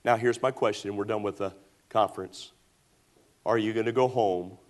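A man preaching a sermon, telling a story dramatically and rising to shouts at the climaxes. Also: fairly low pitch, steady tone, normal speed.

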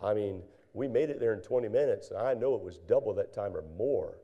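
Older male preacher, folksy storyteller, very dark mellow voice, dull lo-fi sound. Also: lowish voice, brisk. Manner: folksy, animated storytelling with fillers and acted dialogue. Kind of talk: sermon with storytelling.

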